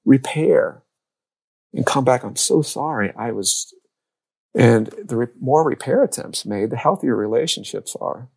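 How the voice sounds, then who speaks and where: This man speaks with a gravelly, creaky edge on a podcast. He tells stories in a lively way and slips into quoted voices. His pitch sits in the middle range. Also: a little slow. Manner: lively storyteller who acts out quoted lines. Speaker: youth and family coach. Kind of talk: podcast conversation.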